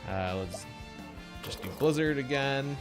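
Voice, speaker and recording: Casting: animated, wisecracking game streamer, faint music under him. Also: male voice, mid-range voice, measured pace. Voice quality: chatty, joking, self-deprecating. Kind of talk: casual gameplay commentary.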